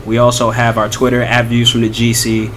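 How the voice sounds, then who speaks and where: A man co-hosting a podcast in casual, animated chat, laughing and teasing his friends. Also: mid-range voice, fairly quick, background noise. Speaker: podcast co-host.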